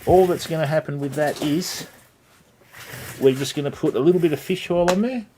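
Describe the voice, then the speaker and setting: In a slightly high, dark-toned voice at a moderate pace, a middle-aged man hosts an easygoing live tutorial on fly tying. He chats as he works, welcomes viewers by name, and leans on "mate" and "okay." A little background noise is present.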